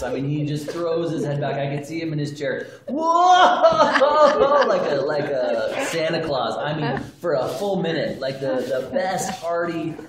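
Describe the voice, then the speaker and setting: Rambling man telling a story. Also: mid-range voice. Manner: rambling, often laughing while telling. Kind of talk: casual anecdote told to family. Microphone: phone camera. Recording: echoey room with background noise, phone video.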